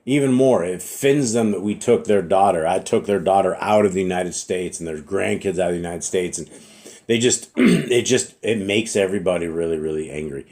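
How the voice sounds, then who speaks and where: Middle-aged guy preaching, lowish voice, earnest and repetitive, keeps clearing his throat, bit of a cough. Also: fairly quick, darkish tone. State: slight cough. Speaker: religious teacher. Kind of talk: informal preaching monologue.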